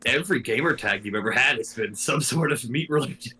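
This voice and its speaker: Upbeat podcast co-host, bright forceful voice, easy laughs, headset mic. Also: male voice, medium pitch, brisk. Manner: upbeat, laughs easily, calls co-host dude. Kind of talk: casual chat.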